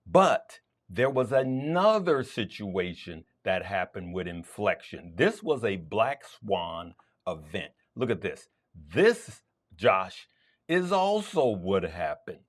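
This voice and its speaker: A man's voice: fairly low pitch, slow. A man hosting a stock trading show, talking viewers through charts in an emphatic, repetitive way. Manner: emphatic, lively, repeats points for stress. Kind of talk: market commentary to viewers.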